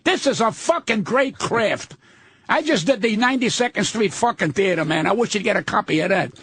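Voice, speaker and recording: An older man with a strikingly high, husky voice that swoops up and down as he rants. He is blunt, indignant and swears constantly while telling his stories. He speaks as a guest comedian. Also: animated, fairly quick, fairly bright tone, no room sound. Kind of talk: profane storytelling rant.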